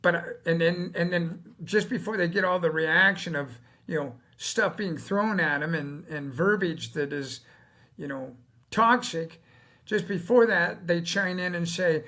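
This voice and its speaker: A man talks business funding in a casual, folksy monologue, plain-spoken and now and then cursing mildly as he acts out what others say. His voice sits high for a man and comes across bright and forceful. He sounds a touch tired. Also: measured pace. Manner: folksy, acts out quotes of bankers and clients. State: tired, yawning. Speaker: business funding company founder. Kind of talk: casual advice video monologue.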